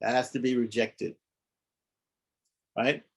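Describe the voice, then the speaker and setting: A man's voice: medium pitch, flat delivery, slow pace. A man teaching a scripture study class, explaining carefully, repeating points and often checking that listeners follow.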